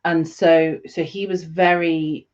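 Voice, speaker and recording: A woman's voice: low voice, level tone, slow pace, darkish tone. Lady podcaster teasing her cohost, chatty, kinda dull lo-fi audio. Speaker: podcast co-host. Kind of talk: casual chat.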